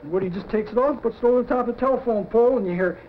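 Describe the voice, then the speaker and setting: A middle-aged man, a cartoon story man, pitching a storyboard animatedly and acting out sound effects as he goes. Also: rapid-fire, slight background noise. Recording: dull lo-fi 1950s TV audio.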